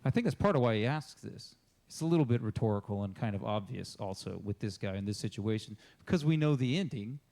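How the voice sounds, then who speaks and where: A man's voice: fairly low pitch, expressive, quick pace, a little mellow. A man preaching a casual, conversational sermon as a pastor, talking informally and acting out the people in the story he tells. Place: church.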